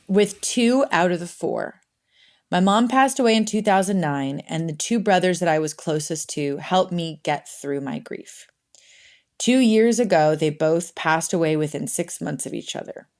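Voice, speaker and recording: A woman's voice: fairly low pitch, darkish tone. Emotional woman podcast co-host. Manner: emotional, tearful and laughing while reading. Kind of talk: casual podcast chat, reading listener emails.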